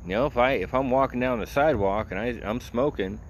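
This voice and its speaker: A man's voice: mid-range voice, fairly quick, a little hiss or hum. A man in a casual vlog, rambling and sarcastic, full of "you know" as he tells a story. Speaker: vlogger. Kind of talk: casual rant.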